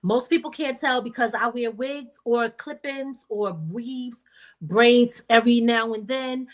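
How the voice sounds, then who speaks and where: Middle-aged woman, high voice, chatty host, folksy asides. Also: fairly even intonation, unhurried. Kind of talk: casual chat.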